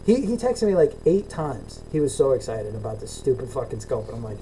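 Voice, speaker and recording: A middle-aged man venting on a video call podcast, swearing freely and acting out his exchanges with others. His voice is very dark and mellow, with a faint hiss of background noise behind it. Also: mid-range voice, very animated, a little fast, few pauses, low-quality recording. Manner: ranting, swears a lot, acts out both sides of calls. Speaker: podcast co-host. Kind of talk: casual profane chat.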